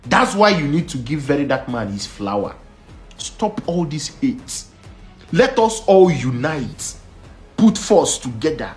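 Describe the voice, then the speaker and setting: A man's voice: fairly high pitch, a little mellow. A man making an earnest public appeal, slipping into pidgin. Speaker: online commentator.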